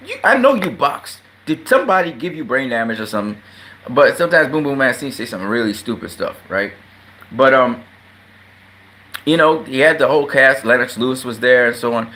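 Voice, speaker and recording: A man giving a casual, heated, profane rant about boxing, blunt and swinging up into loud, high outbursts. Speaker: boxing commentator. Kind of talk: casual ranting commentary.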